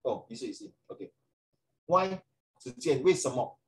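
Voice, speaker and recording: A man's voice: medium pitch, lively intonation, moderate pace, a little mellow, low-quality recording. A middle-aged Singaporean man giving a chatty classroom lecture as a social studies teacher, with frequent rhetorical tag questions.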